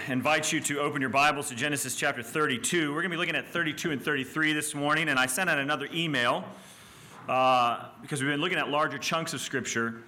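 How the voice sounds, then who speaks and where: A man's voice: medium pitch, sharp tone, a little hiss or hum. A male pastor preaching a sermon in a church, earnest and emphatic, pressing his points with rhetorical questions.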